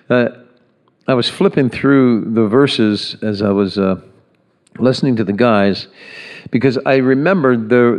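A male pastor praying and preaching a conversational sermon before communion, earnest, with pauses and restarts. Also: on the low side, darkish tone. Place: large church hall. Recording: echoey hall reverb.

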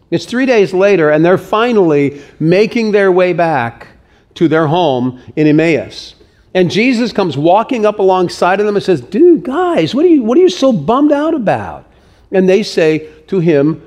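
Male pastor, sermon, slightly high voice, animated storytelling. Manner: animated storytelling with acted-out quotes.

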